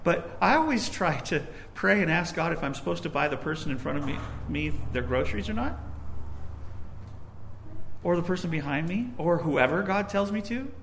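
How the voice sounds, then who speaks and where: High-voiced young preacher telling a story. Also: male voice, gravelly, a bit bright, a little hiss or hum. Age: young adult. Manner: conversational storytelling with asides. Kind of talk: sermon.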